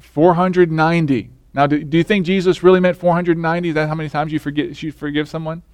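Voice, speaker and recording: A man's voice: a little high, steady tone, quick pace, dry recording. A male pastor preaching a sermon in a conversational way, often putting questions to the congregation.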